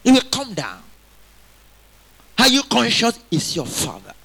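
A male pastor preaching a sermon, calling on the congregation to repeat after him and swinging between loud exhortation and quiet asides. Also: very high-pitched, huge pitch swings, unhurried, creaky, pauses often, husky. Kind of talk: sermon with call-and-response.

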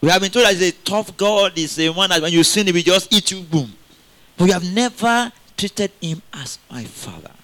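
A man preaching a sermon in an animated way, asking the congregation questions and laughing often. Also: sits high, moderate pace.

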